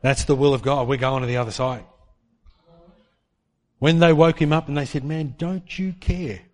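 A man preaching a sermon in an animated way, acting out the voices of people in his stories. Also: medium pitch, normal speed. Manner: animated, acts out quoted voices. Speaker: pastor. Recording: long hall reverb.

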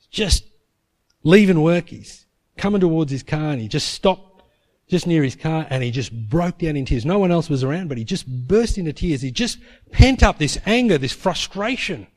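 A man preaching a sermon, telling a story emphatically and dropping to a hush for quoted prayers. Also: on the high side.

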